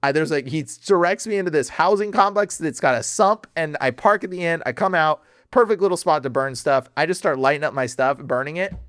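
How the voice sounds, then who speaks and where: A man telling a personal story as a podcast guest, excitable and slangy, laughing often and jumping high in his voice when worked up. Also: a little fast, few pauses, no room sound, clean studio sound.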